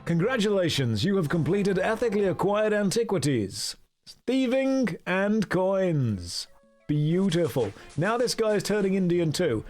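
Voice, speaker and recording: A man's voice: sits high, big pitch swings, unhurried, a little mellow, faint music behind. A man streaming a game, chatting casually, joking and reading chat aloud. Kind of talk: casual gameplay commentary.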